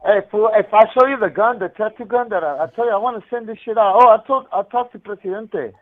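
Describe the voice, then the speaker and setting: A man's voice: high voice, fast talker. Profane man on a tinny prison phone. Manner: profane, laughing storyteller. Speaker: incarcerated caller. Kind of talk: casual chat over a prison phone call.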